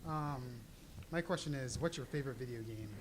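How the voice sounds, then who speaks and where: A man from the audience asking a question at a convention panel, soft-spoken and hesitant. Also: fairly high pitch, fairly quick, low-quality recording.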